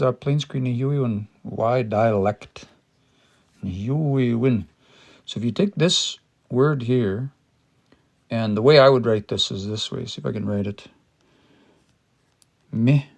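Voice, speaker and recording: A man's voice: mid-range voice, creaky, a little mellow. A man teaching Cree on a casual livestream, thinking aloud with fillers and restarts and sounding out words syllable by syllable. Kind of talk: casual livestream language lesson.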